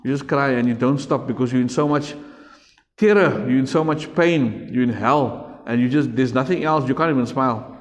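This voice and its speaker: A man's voice: mid-range voice, moderate pace, big-room sound. A man with a South African accent teaching a religion class to children, emphatic and repetitive, speaking straight to his pupils. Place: school classroom.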